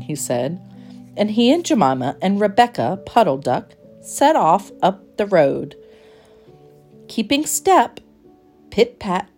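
A woman reading a children's storybook aloud in a gentle, expressive, measured way. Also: mid-range voice, breathy edge, soft background music.

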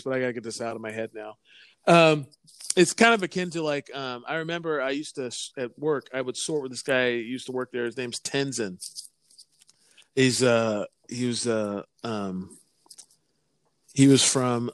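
A man's voice: a little high, no echo. A man co-hosting a casual podcast, telling a rambling story full of fillers and restarts. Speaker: podcast co-host.

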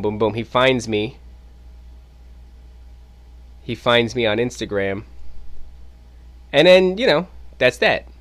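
A man hosting his own podcast, telling a casual story in an animated way and swearing freely. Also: mid-range voice. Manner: animated, acts out quoted voices, swears casually. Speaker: podcast host. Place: home podcast studio.

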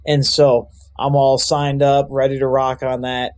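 A man's voice: medium pitch, completely flat delivery, measured pace. A young man, a youth pastor, telling his life story in a loose, rambling way with lots of fillers. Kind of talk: casual storytelling testimony.

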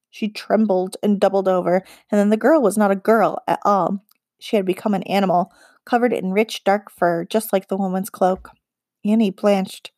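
A woman narrating a children's fantasy audiobook in an even, expressive storytelling voice. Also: mid-range voice, no echo, clean studio sound. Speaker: audiobook reader.

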